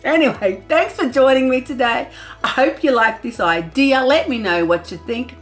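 A middle-aged woman artist giving an excitable, loud and enthusiastic pep talk to her viewers, laughing often. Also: high-pitched, normal speed, faint music behind. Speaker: artist vlogger. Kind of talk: motivational pep talk to camera.

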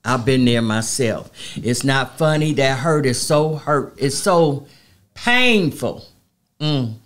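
A woman's voice: extremely low pitch, a little slow. A middle-aged woman speaking as an interview guest, emphatic and heartfelt with a preacherly cadence. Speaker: community advocate guest. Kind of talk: interview conversation.

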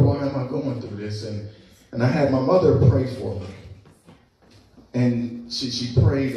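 A middle-aged man preaching a sermon as a pastor, telling a personal story in a lively, conversational way and laughing as he goes. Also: mid-range voice. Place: church sanctuary. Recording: echoey church sanctuary from a distance.

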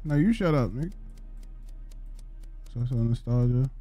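A man's voice: mid-range voice, animated, a little slow, mellow, no room sound, soft background music. A young man streaming live gameplay, cursing and agitated as he keeps telling other players to back off.

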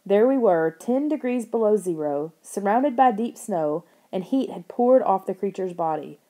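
A woman narrates an audiobook with a mellow, rounded tone. Her reading is expressive, and she lifts her voice to act out the lines of the characters. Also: medium pitch, moderate pace.

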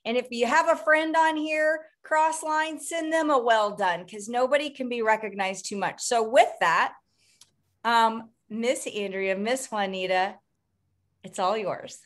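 A woman's voice: on the high side, a little slow, a bit bright. A woman coach hosting a group call, talking encouragingly to her team. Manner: encouraging, laughs easily. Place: video or conference call.

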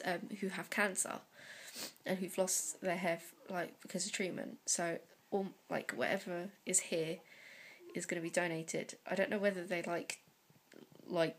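A young woman talking to camera in a personal vlog, close to tears, halting and full of fillers and sighs. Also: lowish voice, level tone, slight background noise. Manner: slow, hesitant delivery. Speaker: vlogger.

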